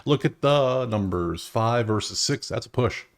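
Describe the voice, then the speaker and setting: A young man hosting a casual sports betting breakdown, loose and thinking out loud, swearing now and then. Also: medium pitch, lively intonation, unhurried. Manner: loose, talking to himself, swears.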